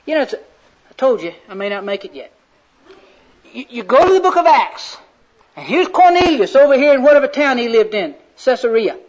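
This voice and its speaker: A man's voice: extremely high pitch, big pitch swings, moderate pace. A man preaching a sermon in a fervent, folksy storytelling way. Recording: slightly muffled recording.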